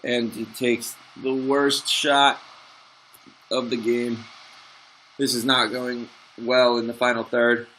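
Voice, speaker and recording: A young man narrating his own football management game like a commentator. His voice is bright and ringing, his pitch sits mid-range for a man, and his excited calls give way to frustrated muttering about his team. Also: takes it slowly, a little hiss or hum. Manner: excitable, frustrated, swings from play-by-play to grumbling asides. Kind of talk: let's play commentary.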